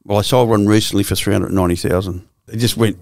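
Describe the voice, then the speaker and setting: A man's voice: on the low side, steady tone, fast, darkish tone, no echo, studio quality. A man in his sixties with an Australian accent, a guest telling his life story bluntly and profanely, full of restarts. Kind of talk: candid storytelling interview.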